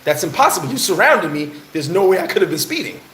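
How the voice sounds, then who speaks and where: A New Yorker tells a heated story on a casual live stream from a bar in the Dominican Republic, also answering chat. He has a high voice and talks fast, animated as he acts out quotes. The sound is roomy and the recording low quality.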